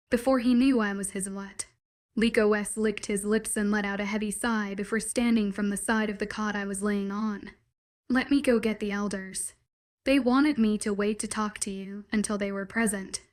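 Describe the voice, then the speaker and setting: A woman narrating a first-person werewolf story in a measured, dramatic inner-monologue style. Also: mid-range voice.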